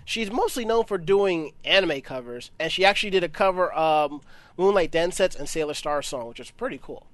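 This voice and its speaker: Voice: medium pitch, expressive, a little fast, fairly bright tone, dry recording. Joking podcast co-host, casual chat, medium voice, dry close sound.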